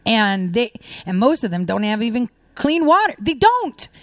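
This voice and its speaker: A woman's voice: medium pitch, expressive, normal speed, a bit bright, no echo. Sarcastic woman ranting to camera. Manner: sarcastic, ranting, laughs in scorn. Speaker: commentary video host. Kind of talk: casual monologue reacting to news clips.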